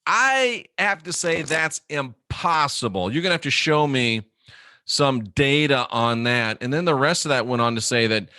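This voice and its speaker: A middle-aged man hosts a casual live chat and reads viewer comments aloud. He talks bluntly and jokes a lot, and his bright, forceful voice sounds dry and close to the mic. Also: mid-range voice, expressive, a little slow, no room sound. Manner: blunt, profane, joking. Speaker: livestream host reading chat.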